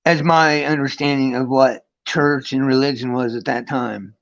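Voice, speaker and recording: A man's voice: mid-range voice, fairly even intonation, moderate pace, fairly bright tone. Guy rambling thru his spirit story on a stream, swears a lot, voice kinda muffled. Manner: rambling, frequent restarts and profanity; reads and greets chat between story. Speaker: livestream host. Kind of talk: casual storytelling on a livestream. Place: his friend's home.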